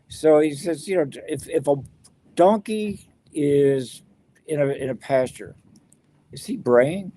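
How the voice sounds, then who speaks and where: A man's voice: on the high side, slow, mellow. A man leading a verse-by-verse Bible study. He talks conversationally, often paraphrasing the text in the first person, with frequent restarts. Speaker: Bible teacher.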